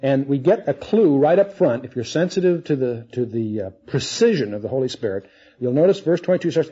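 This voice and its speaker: Mellow-voiced man teaching the Bible. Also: medium pitch, expressive, brisk, breathy edge. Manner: conversational, asks the audience questions. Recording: dull lo-fi recording.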